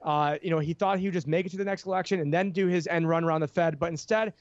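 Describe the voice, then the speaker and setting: A man's voice: a little high, steady tone, fast talker, dry recording, lo-fi sound. A man talking as a podcast guest, explaining finance with heated energy and many restarts. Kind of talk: casual podcast chat.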